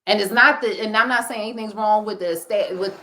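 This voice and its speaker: A woman with a Philadelphia accent, co-hosting a casual talk show and ranting in an animated, preachy way with frequent laughter. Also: mid-range voice, quick pace. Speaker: podcast co-host.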